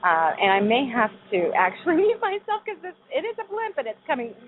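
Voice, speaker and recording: A woman's voice: high-pitched, sing-song, fairly quick. A woman from Southern Illinois with a twang, co-hosting an internet radio chat from outdoors at night and laughing often. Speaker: co-host. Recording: tinny phone line, faint noise.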